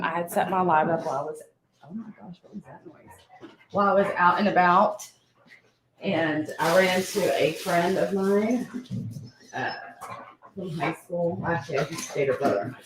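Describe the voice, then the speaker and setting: A woman's voice: on the low side, background noise. A woman hosting a casual livestream, chatty and rambling, greeting viewers by name. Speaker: livestream host. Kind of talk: casual chat.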